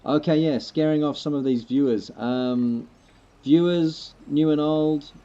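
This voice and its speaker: A man with a fairly high, warm voice streams a farming game, talking unhurriedly with viewers. His chat is laid-back, rambling, and full of jokes, picked up by a slightly muffled lo-fi mic.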